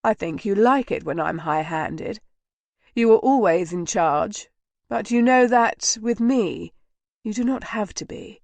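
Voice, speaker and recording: A woman reading a storybook nobleman lover, giving him a low, soft, intimate delivery. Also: lively intonation, measured pace, creaky, dry recording. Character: male nobleman lover, tender and commanding.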